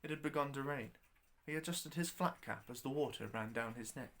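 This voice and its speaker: A man reading his own novella aloud as narrator, with an expressive, wry delivery. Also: medium pitch, brisk. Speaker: storyteller.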